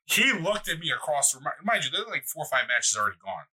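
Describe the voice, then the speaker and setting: A young man co-hosting a podcast, telling a long profane story in a rambling, animated way. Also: a little high, fast talker, breathy edge, poor audio. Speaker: podcast co-host. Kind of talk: casual storytelling chat.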